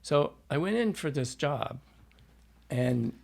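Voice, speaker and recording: A man from Iowa working as a dialect coach, telling animated stories as a podcast guest and acting out the dialogue he quotes. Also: a little high, slow pace, gravelly. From Iowa, US Midwest. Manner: animated storyteller who acts out quoted dialogue. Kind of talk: casual podcast storytelling.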